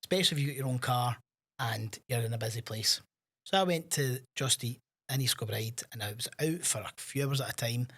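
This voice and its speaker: A Scottish man co-hosting a podcast in casual chat, telling animated anecdotes and acting out the voices of people in his stories. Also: mid-range voice, brisk, husky. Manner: animated storyteller, acts out quoted voices. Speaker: podcast co-host.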